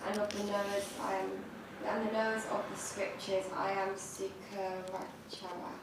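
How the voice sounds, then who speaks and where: A woman's voice: medium pitch, completely flat delivery, measured pace. A woman in a study group reading verses aloud hesitantly. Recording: distant, echoey room mic with noise.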